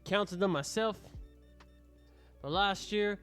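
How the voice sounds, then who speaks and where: A man's voice: high-pitched, slow, a bit bright, clear, resonant tone. A young man casually commenting while streaming a game, joking and mock-scolding the customers, with faint music behind him.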